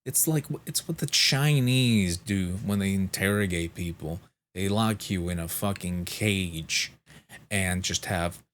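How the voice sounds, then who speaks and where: A man vlogger telling a story in a casual monologue, frank, exasperated and heavily profane. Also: sits low.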